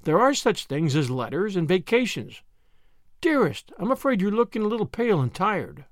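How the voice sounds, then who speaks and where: Male reader doing an earnest young woman in an audiobook, gentle and reassuring, high pitch. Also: sing-song, moderate pace, no room sound, clean studio sound.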